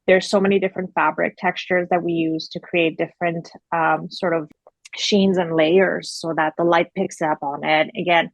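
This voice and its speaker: A woman's voice: lowish voice, flat delivery, normal speed, gravelly, no room sound, rough recording. A woman working as a costume designer, chatting casually in an interview, full of filler words and easy laughs.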